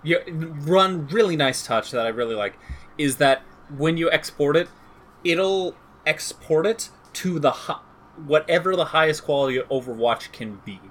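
A man with a bright, forward voice runs through game update notes on a casual podcast. He jokes and rambles, poking fun at himself and his co-host. A faint hum of background noise sits under the recording. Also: a little high, animated, moderate pace. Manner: joking, rambling, self-deprecating. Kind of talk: casual chat reading game patch notes.

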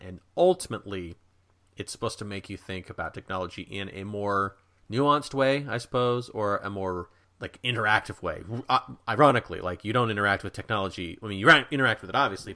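A man co-hosting a casual pop culture chat, thoughtful and prone to rephrasing mid-sentence. His voice sits fairly low. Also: sharp tone. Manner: thoughtful, self-correcting. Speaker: podcast co-host.

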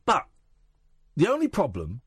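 A man hosting a late-night radio show, chatting with sarcastic, animated banter. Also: fairly high pitch, unhurried, breathy edge, dry recording, studio quality. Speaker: radio host. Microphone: studio microphone.

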